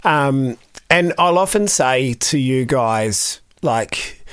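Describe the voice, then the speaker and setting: A man's voice: mid-range voice, expressive, takes it slowly, fairly bright tone, clean tone, dry recording, clean studio sound. A man, co-hosting a podcast and talking about directing in an emphatic way, repeating words as he thinks. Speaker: co-host and voice director. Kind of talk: casual podcast chat.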